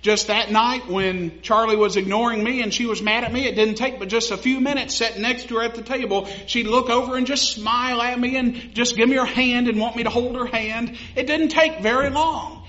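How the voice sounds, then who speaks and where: A man's voice: very high-pitched, steady tone, fairly quick, few pauses, pushed and bright. A young man preaching a sermon in a conversational way, laughing at his own stories and building to emphatic passages. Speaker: pastor. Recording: dull lo-fi sound.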